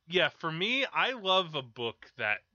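A man's voice: fairly high pitch, very animated, slow pace, sharp tone, no room sound, muffled recording. A man co-hosting a film podcast in casual, enthusiastic, rambling chat. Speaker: podcast co-host.

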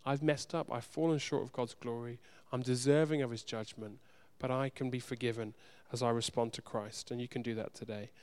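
A man preaching a sermon, speaking earnestly and directly to his congregation, swinging from loud urgency to soft hushed moments. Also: medium pitch, fairly even intonation, fairly quick, hardly any pauses, clear, resonant tone. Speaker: pastor.

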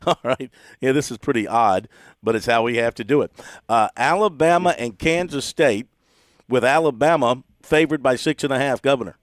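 A man's voice: mid-range voice, normal speed, no room sound, clean studio sound. A man hosting a radio sports talk segment, jovially running through game picks and often laughing at his guests. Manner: jovial, laughs often while reading spreads. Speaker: radio sports show host. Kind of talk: casual radio chat.

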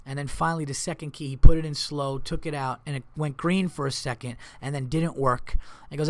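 A man, a comedian hosting his podcast, telling stories in an animated, profane, exasperated rant. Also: mid-range voice, brisk. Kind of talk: casual storytelling rant.

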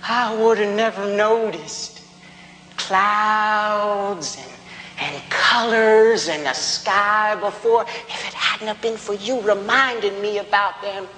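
Man acting as a tender young guy, high voice, bright tone, long hall reverb, faint ambience. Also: steady tone, a little hiss or hum, full character voice. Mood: wistful. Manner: wistful, slow and tender. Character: gentle young man talking fondly to a friend.

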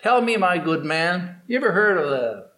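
Man doing a haughty scholar, condescending, lofty, fairly high voice. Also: big pitch swings, moderate pace, a bit bright. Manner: lofty, lecturing questions. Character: haughty learned male scholar, pompous and condescending.

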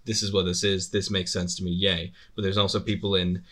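A man's voice: sits low, flat delivery, a little fast, sharp tone. A young man co-hosting a podcast, chatting casually with a rambling, restarting way of talking and a dry humor. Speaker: podcast co-host.

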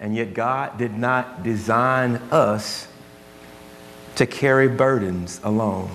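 A man's voice: mid-range voice, slow pace, a bit bright. A man preaching a sermon as pastor, earnest and conversational, telling stories to make his point. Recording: long hall reverb, faint hum.

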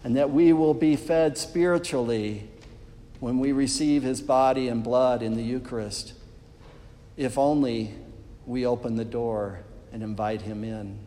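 Talking directly to his congregation, a preacher gives an earnest sermon at a measured pace. His dark, mid-range voice rings through the church hall with long reverb, and there's slight background noise.

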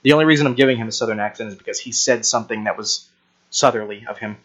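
A man's voice: lowish voice, very fast, fairly bright tone, husky, muffled recording. A man co-hosting a casual chat, telling rambling stories with crude jokes. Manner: rambling, crude joking storyteller. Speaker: podcast co-host.

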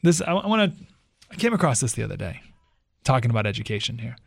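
A man hosting a talk radio show, reading a story aloud with quick asides. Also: mid-range voice, very animated, vocal fry, no room sound.

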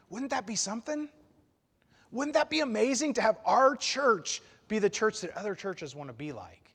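A man preaching a sermon to his church, emphatic and animated, swelling loud at his peaks and dropping quiet after. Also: sits high, normal speed, long reverb tail. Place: church sanctuary.

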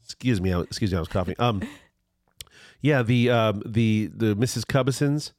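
A man's voice: on the low side, normal speed, darkish tone, no room sound, clean studio sound. A man chatting casually about food, rambling with restarts and savoring the details. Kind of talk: casual chat.

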